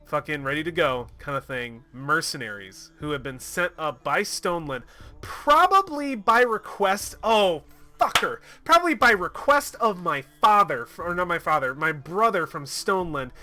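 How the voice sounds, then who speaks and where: A man narrating his solo tabletop game in casual chat. He is excitable and swears freely, with a lot of laughing. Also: a little high, normal speed. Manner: excitable and profane, laughing often.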